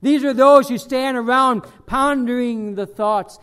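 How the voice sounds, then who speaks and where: A man preaching a sermon as pastor, emphatic, swinging between loud bursts and quiet dropped lines. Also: very high voice, unhurried, smooth.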